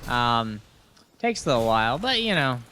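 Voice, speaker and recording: Sing-song and medium-pitched, this young man's pushed, bright voice moves at a moderate pace with slight background noise. Hosting a casual gaming podcast as he plays, he's rambling and chatty, with fillers, restarts, casual swearing, and words for the enemies on screen.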